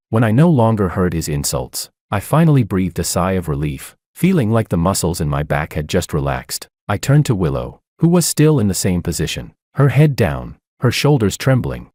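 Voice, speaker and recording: A man narrating a scripted first-person story in a deep, low voice that swings widely in pitch. His delivery is steady and dramatic, and the recording is dry and close with no room sound. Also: moderate pace, hardly any pauses, no room sound.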